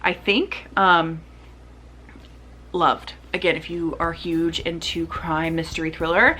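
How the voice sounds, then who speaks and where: A woman's voice: lowish voice, steady tone, slow, bright, forceful tone, a little hiss or hum. A woman chatting casually as she reviews books to her camera, rambling with lots of "like" and "um". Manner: chatty, rambling, many "like" and "um" fillers. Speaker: book reviewer. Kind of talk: casual book review chat. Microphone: camera mic.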